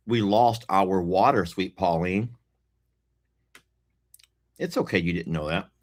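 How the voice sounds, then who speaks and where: A man chatting casually to viewers while eating, folksy and teasing. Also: sits low. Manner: slow, folksy, teasing, laughs often, talks while eating. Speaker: food vlogger. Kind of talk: casual mukbang chat to viewers.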